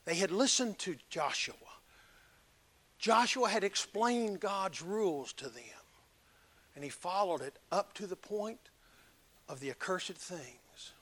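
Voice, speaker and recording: A man preaching a sermon, emphatic, swinging between loud exhortation and hushed earnest talk. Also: high voice, expressive, slow pace, pauses often.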